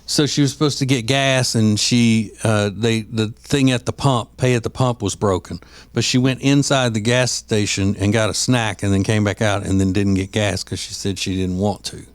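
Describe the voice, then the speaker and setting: A man's voice: fairly low pitch, steady tone, moderate pace, no room sound. A man co-hosting a podcast in casual chat, rambling with frequent restarts and acting out quoted voices. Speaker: podcast co-host.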